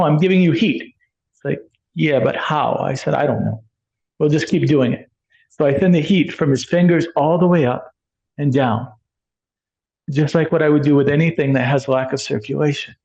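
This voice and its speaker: A man's voice: on the high side, fairly even intonation, normal speed, gravelly, darkish tone. A man telling a personal healing story in a rambling, enthusiastic way, acting out bits of dialogue. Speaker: energy healer telling his story. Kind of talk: casual storytelling monologue. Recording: dull lo-fi sound.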